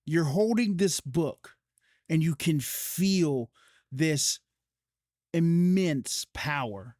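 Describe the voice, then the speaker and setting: Slow-talking man running a tabletop game. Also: a little high, expressive, a little mellow, no echo, clean studio sound. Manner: casual and profane, slow drawn-out narration. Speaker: game master. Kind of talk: live-streamed tabletop game narration.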